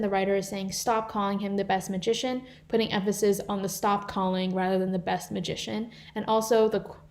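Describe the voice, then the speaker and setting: A woman's voice: medium pitch, darkish tone. A teenage girl volunteering as a tutor, explaining grammar examples from slides in a live online class, with a few fillers and restarts. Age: teens.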